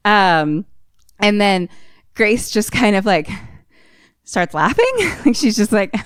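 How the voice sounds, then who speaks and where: Young woman podcast co-host, unhurried, dry close sound, cheerfully foul-mouthed storyteller. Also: medium pitch, animated, clear, resonant tone, no echo. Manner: profane, laughing storyteller. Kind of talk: casual movie recap chat.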